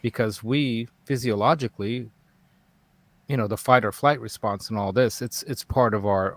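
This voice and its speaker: A man's voice: on the low side, fairly bright tone, no echo. A man hosting a casual live talk show, rambling and digressive and laughing often. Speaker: host. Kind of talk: casual livestream chat.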